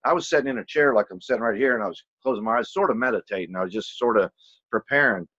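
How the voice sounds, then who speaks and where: A man's voice: medium pitch, fast talker, a bit bright, dry recording, dull audio. A man casually telling a personal story, rambling and loose, swearing freely and saying "you know" constantly.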